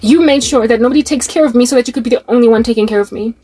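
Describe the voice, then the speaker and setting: A young South African woman with a South African accent speaks in a high, bright register. She preaches with fervor, piling up rhetorical questions and slipping local-language phrases into an impassioned personal monologue. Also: very fast, slightly rough. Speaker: Christian online preacher.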